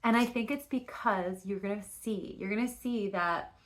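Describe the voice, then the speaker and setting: A woman's voice: medium pitch, moderate pace. Rambling woman doing a tarot reading. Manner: rambling and self-interrupting, with frequent "like" and restarts; swears casually. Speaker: tarot reader. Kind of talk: casual spoken tarot reading.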